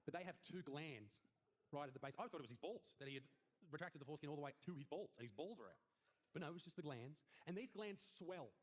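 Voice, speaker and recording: An Australian man doing a stand-up comedy set, brash and crude with punchy deadpan lines. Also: on the high side, fast talker.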